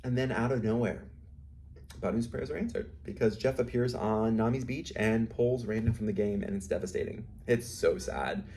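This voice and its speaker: A man's voice: fairly low pitch, moderate pace, a little mellow, a little hiss or hum. A young adult man hosting a casual recap, chatty, with many fillers and asides. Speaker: host.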